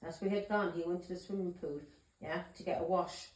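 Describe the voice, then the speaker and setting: A woman's voice: on the low side, fairly even intonation, brisk, a little mellow. A woman tarot reader telling a story to camera in a casual way. She is emphatic, swears and keeps checking in with her listeners. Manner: emphatic, swears, keeps asking "yeah?" and "do you understand me?". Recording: roomy echoey room.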